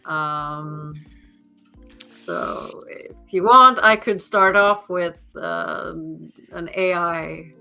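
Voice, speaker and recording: A woman's voice: on the low side, drawn-out words, vocal fry, sharp tone, faint music behind. A woman hosting a casual livestream chat, hesitant and full of fillers, laughing often. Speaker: host.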